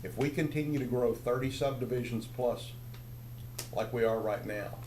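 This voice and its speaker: Man commissioner, measured and factual, voice ringing in an echoey meeting chamber. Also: mid-range voice, darkish tone, slight background noise. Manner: measured, citing figures. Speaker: county commissioner. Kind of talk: policy argument at a public meeting.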